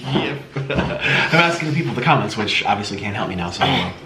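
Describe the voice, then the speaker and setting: A man's voice: on the low side, lively intonation, fairly quick, sharp tone. A man chatting casually and playfully while eating, with lots of laughs. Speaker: channel host. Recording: roomy echo, faint noise.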